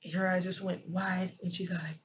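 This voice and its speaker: A vlogger recounts a personal story in a hesitant, unscripted way, circling back and filling pauses with ums and uhs. The voice sits at a middling pitch. The recording is muffled and lo-fi, with faint cars passing nearby. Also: flat delivery. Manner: halting, many fillers and restarts. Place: near a road with passing cars. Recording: dull lo-fi with faint traffic noise.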